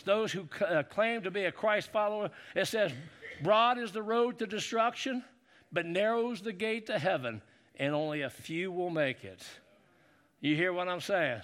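Older guy preaching, high ringing voice, chatty stories that build up loud. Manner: folksy storytelling, rising to excited preaching. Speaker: pastor. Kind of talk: sermon.

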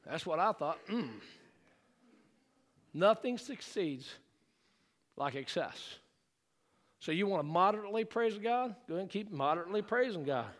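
A man delivers a fervent church sermon in a high-pitched voice. His tone is bright and ringing, and he keeps drawing responses from the congregation. He builds to shouted, rousing exclamations. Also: animated, normal speed, pauses often. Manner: fervent preaching that swells into shouts. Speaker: pastor. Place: church sanctuary.

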